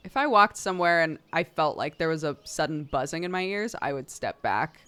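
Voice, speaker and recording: A woman's voice: low voice, expressive, fairly quick, a bit bright, clean tone. A young woman streamer reading a narrative game aloud, breaking off for playful, laughing asides.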